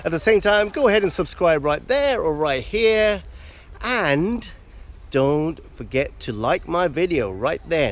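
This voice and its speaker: A man's voice: on the high side, big pitch swings, unhurried. A man vlogging outdoors by a river, earnestly urging viewers not to litter. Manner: earnest ranting appeals to viewers. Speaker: hiking vlogger. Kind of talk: outdoor vlog talk to camera.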